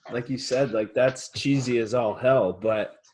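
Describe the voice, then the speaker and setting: A man hosting an interview in a relaxed, slangy and encouraging way. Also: medium pitch, unhurried, slight background noise. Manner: laid-back, slangy, encouraging. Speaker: interview host. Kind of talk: casual chat.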